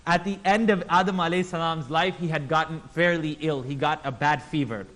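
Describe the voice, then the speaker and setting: A man with a somewhat high voice teaches a religious class in an animated way. He slips into little voices for the people in his stories and keeps firing questions at his listeners. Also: brisk. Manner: animated, acts out quotes in voices; engages audience with questions. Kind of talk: Islamic class lecture.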